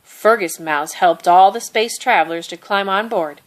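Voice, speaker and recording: A woman reading a children's picture book aloud at a steady storytelling pace. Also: mid-range voice, normal speed. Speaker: storybook reader.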